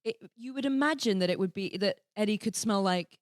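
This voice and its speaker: A woman's voice: mid-range voice, dry recording, clean studio sound. A woman co-hosting a podcast, chatting casually with teasing asides. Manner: warm-humoured, teasing, quick asides. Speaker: podcast co-host.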